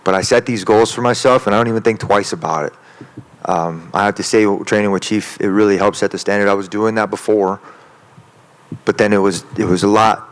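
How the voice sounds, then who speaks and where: A man, a professional fighter, answering interview questions in an intense, profane, rambling way. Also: fairly low pitch. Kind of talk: media day interview answers.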